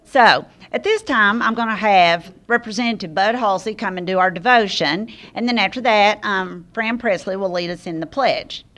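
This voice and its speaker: A woman's voice: mid-range voice, normal speed, hardly any pauses, fairly bright tone. Hesitant woman opening a meeting. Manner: hesitant, many ums. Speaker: meeting chair. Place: meeting room.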